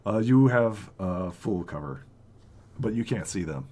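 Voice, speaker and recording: A man running a tabletop game as game master, animated and laughing, acting out the characters' lines. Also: lowish voice, measured pace.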